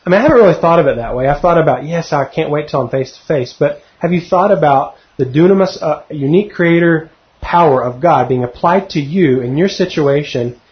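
A man's voice: fairly high pitch, a little fast. A middle-aged man teaching verse by verse through a Bible passage, conversational and often putting questions to his listeners. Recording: dull lo-fi recording.

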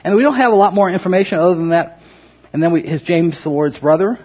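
A man teaches an informal Bible study to a group in a room, chatting through the passages and asking the class questions. His voice sits fairly high and sounds husky. The recording is dull and lo-fi. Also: animated, fast. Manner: conversational, paraphrases scripture with acted-out quotes, asks the class questions.

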